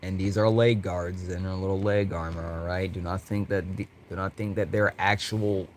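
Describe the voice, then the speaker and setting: A man with a fairly low voice rambles casually about his characters, giggling as he goes. He keeps tripping over his words and restarting sentences, and a faint hiss runs behind him. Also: fairly even intonation, normal speed. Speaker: content creator.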